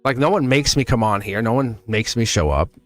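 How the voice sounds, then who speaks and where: A man's voice: mid-range voice, lively intonation, fairly quick, faint music behind. A man giving a casual tarot reading to camera. He is chatty and reassuring, often asks "see?" and chuckles as he talks. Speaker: tarot reader.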